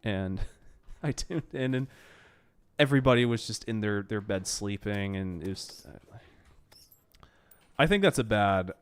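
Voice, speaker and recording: Young man, game streamer, lowish voice, smooth tone, rambling chatter, allergy-stuffed nose. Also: lively intonation, unhurried, pauses often. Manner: rambling, swearing, mock exasperated exclamations.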